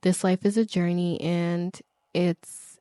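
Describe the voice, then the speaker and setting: A woman's voice: fairly low pitch, little pitch movement, slow, dark tone, smooth, dry recording, clean studio sound. A woman hosting her own podcast alone, talking with passion, swearing freely and repeating her pleas with laughs and sighs. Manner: impassioned, emphatic, swears freely; repeats pleading phrases, laughs and sighs between points. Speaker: podcast host. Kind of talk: solo podcast monologue.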